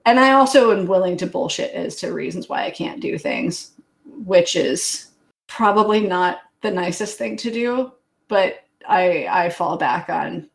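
Woman podcast co-host, lowish voice, candid and wry. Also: measured pace, gravelly. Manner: quiet, candid, self-deprecating. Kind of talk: casual podcast chat.

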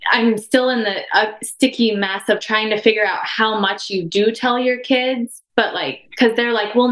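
A woman in her thirties opens up as a podcast guest, her speech rambling and emotional, full of restarts and fillers. Her voice sits at a middle pitch. The recording carries a noticeable room echo. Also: fairly bright tone. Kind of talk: candid personal conversation.

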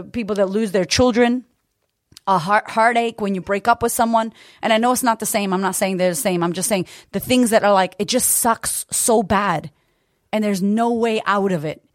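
A woman podcast host delivers an impassioned motivational monologue at a middle pitch, with swearing and repeated phrases throughout. The recording is dry and close, with no room echo. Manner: emphatic, profane, repetitive.

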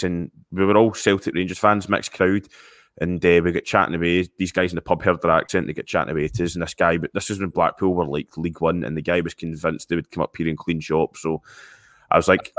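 Scottish man, very low voice, halting podcast guest. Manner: hesitant, halting. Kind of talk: casual podcast chat.

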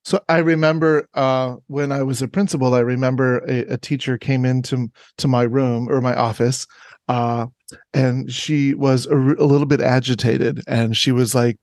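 A man, a former school principal co-hosting a podcast, tells an anecdote in an animated, casual way and jumps up in pitch to stress his points. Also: normal speed, no echo, clean studio sound. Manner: animated, rises sharply in pitch for emphasis.

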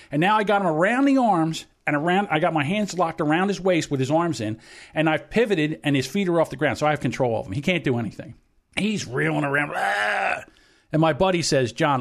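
A man of about sixty co-hosting a podcast, telling a long story bluntly and with plenty of swearing. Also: on the high side. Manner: profane, blunt anecdote-telling. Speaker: podcast co-host. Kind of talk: casual chat, storytelling.

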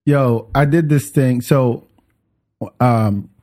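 A man's voice: medium pitch, very slow. A man from France, a podcast host telling a story in casual chat and acting out the people in it. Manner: animated, acts out voices in his stories.

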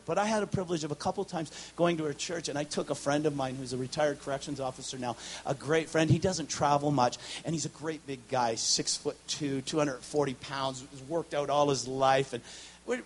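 A man preaching a charismatic sermon, telling stories with humor and swinging from loud shouts to hushed whispers. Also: high voice, slight background noise. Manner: storytelling, animated and humorous. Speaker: guest preacher.

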